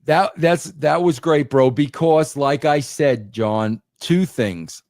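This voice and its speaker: An older man from New York, a former wrestling writer appearing as a podcast guest, talks emphatically in casual chat, often saying "bro" and restarting a lot. His voice is a little high, slow, and a little mellow, recorded at studio quality with no room sound.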